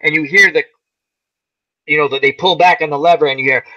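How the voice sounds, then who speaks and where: A man's voice: on the high side, fairly even intonation, brisk, pushed and bright. A man hosting a casual chat, rambling through a movie plot and acting out its lines. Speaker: channel host. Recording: dull lo-fi sound.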